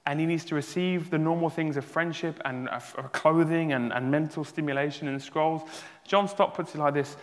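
Male preacher, earnest sermon delivery with emphatic peaks, slightly higher voice, long church reverb. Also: normal speed. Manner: restarts and stumbles, emotional. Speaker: pastor. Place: church hall.

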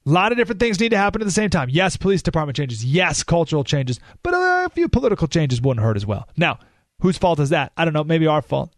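A male radio host speaking into a studio microphone, his voice sitting a little high. He rants emphatically and drops sarcastic asides. The sound is dry and close. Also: sing-song, quick pace, no room sound. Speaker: radio talk show host. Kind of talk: political talk radio monologue.

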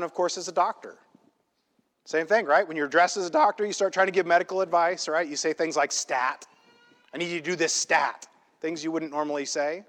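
A male pastor preaching a sermon in a church, emphatic and conversational, often checking in with a quick "right?". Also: sits high, a bit bright. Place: church sanctuary. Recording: long hall reverb in a church.

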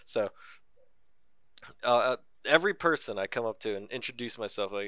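A man's voice: mid-range voice, animated, bright, forceful tone, clear, resonant tone, no echo. Man from the us, podcast co-host, laid-back chat, dry close sound. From United States. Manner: easygoing, quick to agree and laugh. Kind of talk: casual chat.

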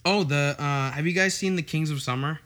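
A man's voice: a little high, brisk, fairly bright tone. A man co-hosting a casual podcast chat, talking eagerly and gushing about upcoming releases. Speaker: podcast co-host.

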